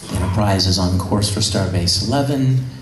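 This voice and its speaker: A man voicing a calm, logical male alien science officer, speaking in a measured, grave way. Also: low voice, pitched below the performer's own voice, natural voice. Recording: echoey hall, faint noise.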